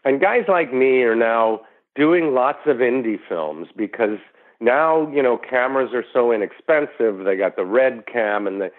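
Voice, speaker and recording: A middle-aged actor talking as an interview guest, rambling through anecdotes with lots of "you know" restarts. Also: male voice, mid-range voice, expressive, measured pace. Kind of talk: casual interview storytelling. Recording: tinny phone line.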